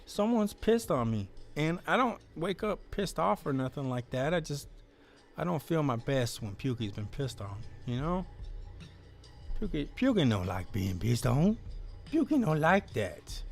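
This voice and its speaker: A man's voice: fairly high pitch, very animated, a little slow, gravelly, faint music behind, exaggerated voice. A man voicing a grimy, childlike grown man who lives in a dumpster and talks about himself in broken, third-person grammar. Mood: whiny. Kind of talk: improvised comedy voice on a live stream.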